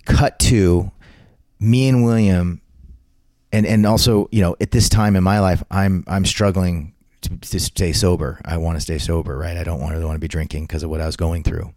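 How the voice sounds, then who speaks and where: A man's voice: low-pitched, steady tone, normal speed, a little mellow, no room sound, clean studio sound. A man telling a long, rambling story as an interview guest, often restarting and repeating words. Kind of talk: casual anecdotal storytelling.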